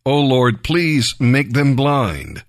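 A man reading as a calm prophet. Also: medium pitch, slow, no room sound, studio quality. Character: calm, confident male prophet, elderly.

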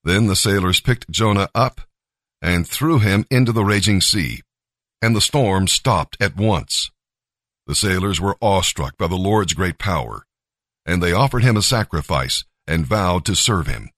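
Deep-voiced man reading scripture. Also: animated, a little slow, fairly bright tone, no echo, clean studio sound. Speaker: narrator.

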